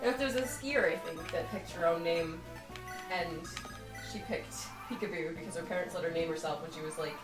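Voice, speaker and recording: A woman co-hosting a game playthrough, chatting casually and often breaking into playful mock sales-pitch voices. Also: fairly quick. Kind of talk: casual let's-play chat. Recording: roomy, distant mic, game music behind.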